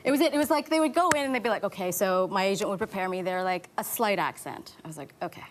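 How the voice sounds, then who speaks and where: A woman's voice: mid-range voice, a little hiss or hum. A woman in her thirties, an actor, talking candidly as a talk show guest and laughing often. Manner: candid, quick to laugh, mimics voices in anecdotes. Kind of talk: casual interview chat.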